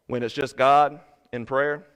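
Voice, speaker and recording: A man preaching a sermon as pastor, swinging from shouted fervor to quiet earnest talk. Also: mid-range voice, level tone, measured pace, smooth. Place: church sanctuary. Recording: preached in a reverberant hall.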